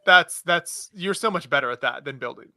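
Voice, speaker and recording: Bright man's voice, slightly high, dry close mic, upbeat livestream host. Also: expressive, moderate pace, no echo. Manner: upbeat, reads donor names and incentives. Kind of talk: casual livestream chat.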